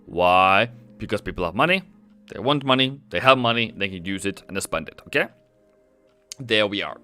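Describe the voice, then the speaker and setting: A man's voice: on the low side, expressive, moderate pace, bright, forceful tone, faint music behind. A man from Norway, giving chatty live market commentary that rambles and often corrects itself. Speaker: trading streamer.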